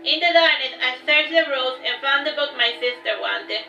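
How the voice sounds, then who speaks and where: A woman reads her own fantasy story aloud and often restarts her lines. Her voice is high and bright. She sounds far from the microphone in a roomy space, with faint music underneath. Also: normal speed, creaky. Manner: steady reading with frequent restarts. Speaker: author. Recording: roomy, distant, dull recording with faint music.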